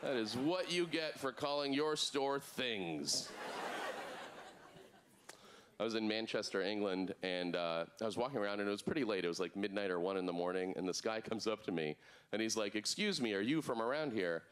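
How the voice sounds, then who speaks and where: A man doing a stand-up comedy set on a club stage, deadpan with sudden put-on voices in his bits. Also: lowish voice, fairly quick, background noise.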